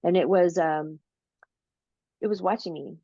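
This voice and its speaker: A woman being interviewed, telling a long story slowly and casually, with many fillers and restarts. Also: fairly low pitch, dry recording. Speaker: interview guest, paranormal researcher. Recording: dull lo-fi audio.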